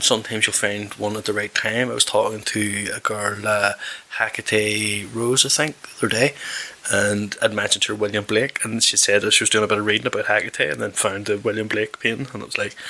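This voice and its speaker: A man's voice: fairly low pitch, vocal fry, bright, forceful tone, poor audio. A man hosting a solo podcast, rambling bluntly with lots of swearing and asides while having a drink. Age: adult with a daughter. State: drinking alcohol while talking. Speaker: podcast host.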